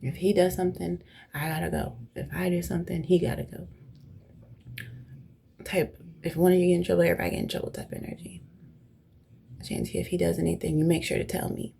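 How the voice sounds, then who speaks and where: Young woman, gravelly, dark tone, blunt casual storytelling, slips into whispers, faint background noise. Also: lowish voice, fairly quick, long pauses. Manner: blunt, animated, profane, often drops to a whisper.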